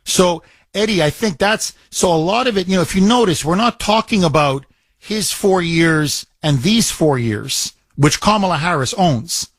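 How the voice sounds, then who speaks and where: Taking calls on his talk radio show, a studio host with a slightly high voice pushes his points hard, repeating lines and firing off rhetorical questions. His intonation is lively and his speed normal. The recording is close and dry, with no room sound.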